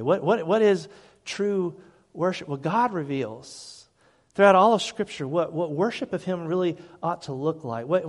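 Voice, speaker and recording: A pastor with a drawl delivers a sermon in a rather high voice. He swings between loud, fervent peaks and hushed asides, doubling back over his words. The long reverb of a church hall trails behind him. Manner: fervent preaching, loud swells then quiet asides; repeats words when restarting. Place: church sanctuary.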